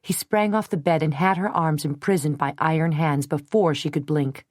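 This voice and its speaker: A woman narrating a romance novel in a steady storytelling manner. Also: low-pitched, moderate pace, hardly any pauses, no room sound, clean studio sound. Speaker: audiobook narrator. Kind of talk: scripted narration.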